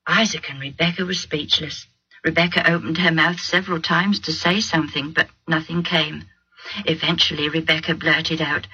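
A woman's voice: fairly even intonation, normal speed, pushed and bright, muffled recording, faint music behind. A woman narrating a Bible story in storybook style, voicing each character in turn. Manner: dramatic reading, shifting pitch for each character.

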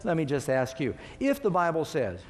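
A man's voice: a little high, huge pitch swings, normal speed, a little mellow. A man preaching a sermon, emphatic and putting questions to his congregation. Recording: long reverb of a large hall.

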